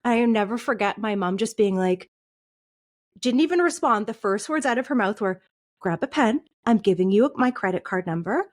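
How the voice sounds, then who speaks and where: A woman's voice: medium pitch, lively intonation, moderate pace. A woman in her thirties, a podcast guest, candidly recounting a painful personal experience, often laughing through it and restarting her sentences.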